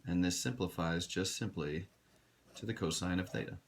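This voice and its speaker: A man's voice: sits low, moderate pace. A man teaching a recorded math lesson, direct and instructive, talking to his students. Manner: direct, instructive, addresses students as you guys.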